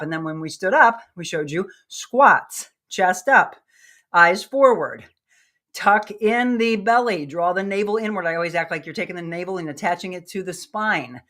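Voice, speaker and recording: A woman's voice: on the low side, moderate pace, fairly bright tone. Breathless woman coaching a live workout. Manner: upbeat, coaching, demonstrating while moving. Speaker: fitness instructor.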